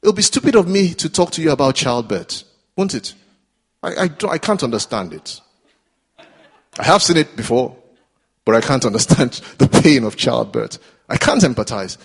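A man's voice: mid-range voice, sing-song, normal speed, husky. A man preaching a sermon in a church, earnest and exhorting, repeating phrases as he builds intensity.

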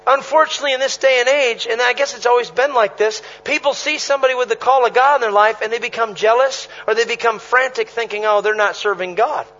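High, bright-voiced animated preacher man. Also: quick pace, few pauses, muffled recording. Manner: animated storytelling, laughs, punchy repetition. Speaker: traveling preacher. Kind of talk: sermon.

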